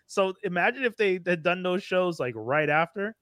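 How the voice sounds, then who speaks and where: A man co-hosting a podcast, chatting casually with quick reactions. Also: sits high, lively intonation, a bit bright, no echo. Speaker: podcast co-host. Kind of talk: casual chat.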